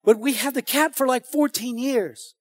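Man, high-pitched voice, dry close mic, preaching, calls out to the crowd. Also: normal speed, dry recording. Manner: animated, calls out to the congregation. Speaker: pastor. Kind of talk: sermon.

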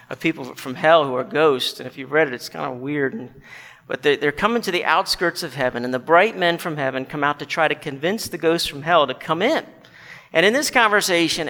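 Male pastor, earnest sermon, high bright gravelly voice, long hall reverb. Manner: earnest, questioning, storytelling.

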